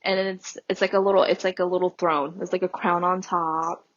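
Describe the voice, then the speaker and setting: A woman's voice: lowish voice, little pitch movement, fairly quick, no echo, muffled recording. A woman guest on a podcast in casual chat, chatty and giggling between remarks.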